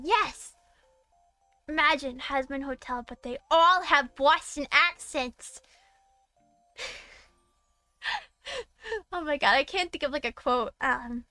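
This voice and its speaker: A woman's voice: high voice, pushed and bright, no echo. A young woman from Massachusetts, a VTuber streamer, chatting casually on a live stream. She rambles and giggles often, with lots of fillers and restarts.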